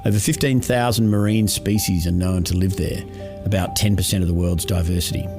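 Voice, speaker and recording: A man narrates a scripted podcast segment in a measured, informative tone. His voice sits on the low side, with faint music underneath. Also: steady tone.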